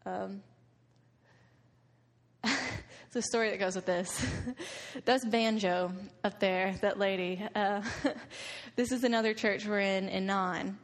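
A woman's voice: medium pitch, steady tone, takes it slowly, long pauses. A young woman giving a slideshow talk to a group about a mission trip, telling stories and laughing often. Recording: long reverb of a hall.

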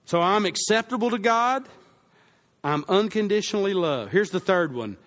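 A man's voice: high-pitched, sing-song, normal speed, fairly bright tone. A male pastor preaching a sermon, repeating key lines for emphasis and leading the congregation to say phrases back with him.

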